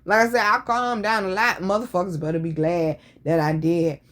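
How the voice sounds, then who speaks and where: A woman's voice: on the low side, level tone, normal speed, fairly bright tone. A woman hosting a casual show, telling stories in a blunt, profane, sassy way. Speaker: podcast host. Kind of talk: casual storytelling chat.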